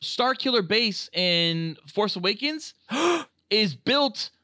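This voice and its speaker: An excitable man on a podcast, swearing as he piles up fan trivia. His voice is bright and crisp, sitting a little high for a man. The sound is close and dry. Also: slow, dry recording. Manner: excitable, swears freely, rattles off fan lore. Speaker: podcast co-host. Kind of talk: casual podcast chat.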